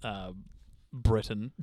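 A man's voice: lowish voice, very slow, a little mellow, no room sound. A man co-hosting a podcast in casual chat, making wisecracks and chuckling asides. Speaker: podcast co-host.

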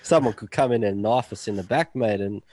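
A man's voice: fairly low pitch, a little fast, darkish tone. A man with an Australian accent co-hosting a podcast, talking in a blokey, slangy way with casual swearing. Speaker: podcast co-host. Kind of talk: casual chat.

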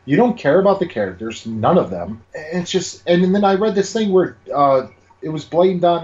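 A man's voice: a little high, very animated, moderate pace, a little mellow, muffled recording. A man co-hosting a casual film review podcast, emphatic and exasperated, swearing as he rants. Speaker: podcast co-host.

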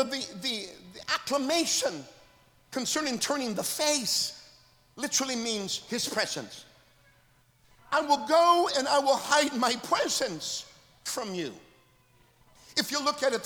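A male pastor from Minnesota delivers a sermon in a strikingly high voice. His words ring out through a large church hall with a long tail of reverb. He pulls the congregation in with call-and-response, leaning on amen and brother, and moves between shouted peaks and relaxed storytelling. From Minnesota, USA. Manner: rises to shouted bursts, then drops to storytelling.

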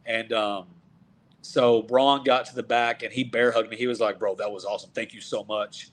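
A man from Texas, a wrestler in his thirties, telling stories in a casual, animated way and acting out what people said. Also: lowish voice, normal speed. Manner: animated, acts out quoted dialogue. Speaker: professional wrestler guest. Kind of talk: casual storytelling.

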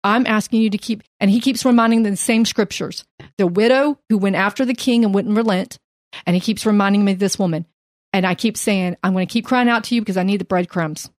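A woman co-hosting a faith podcast, mixing Bible teaching with earnest, animated storytelling. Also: mid-range voice, fast talker, dry recording, studio quality. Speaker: podcast co-host.

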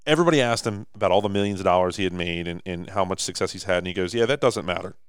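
A man in his thirties co-hosting a podcast, telling stories with lively acted-out quotes. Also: low voice, racing, smooth, no room sound, studio quality. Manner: animated storyteller, acts out quotes. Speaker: podcast co-host. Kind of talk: casual podcast chat.

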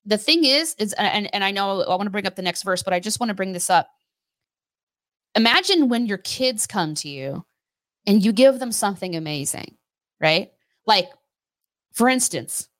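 A woman co-hosting a faith show, talking casually with her husband, animated and quick to laugh. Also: medium pitch, no echo. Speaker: co-host of a faith teaching show.

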